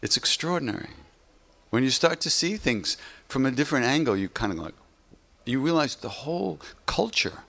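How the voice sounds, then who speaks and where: A man's voice: medium pitch, a bit bright. A man giving an informal spiritual teaching talk in a loose, conversational way, often saying "you know".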